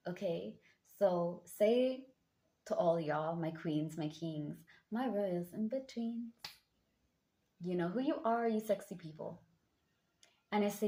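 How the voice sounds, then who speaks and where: A young woman tarot card reader chats casually as she reads the cards, hyping up her viewers with pet names. Her voice is warm and a little deep, since she's just woken up.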